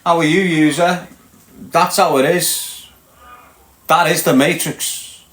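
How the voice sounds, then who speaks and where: A man's voice: on the high side, fairly even intonation, takes it slowly, fairly bright tone. A man with a Liverpool accent talking bluntly to his live viewers, lecturing and asking again and again if they understand. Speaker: livestream host. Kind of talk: casual rant to live viewers. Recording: echoey room.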